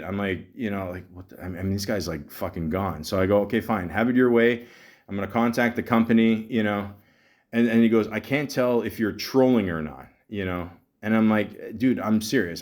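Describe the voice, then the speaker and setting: A man hosting a podcast, telling a long story in a rambling, exasperated way, stumbling over repeated words and swearing often. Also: medium pitch. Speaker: podcast host. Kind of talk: casual storytelling monologue.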